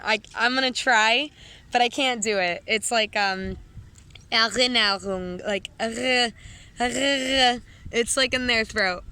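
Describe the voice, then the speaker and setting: A woman's voice: on the high side, sharp tone, smooth, low-quality recording. A woman vlogger chatting casually to camera, giggly and filling her talk with "like". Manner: chatty, giggly, heavy use of "like".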